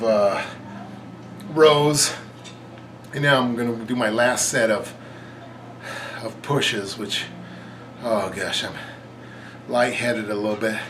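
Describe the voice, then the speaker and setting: A man's voice: mid-range voice, background noise. A man vlogging his own workout in a casual, self-mocking way, counting reps aloud and out of breath. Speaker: fitness vlogger.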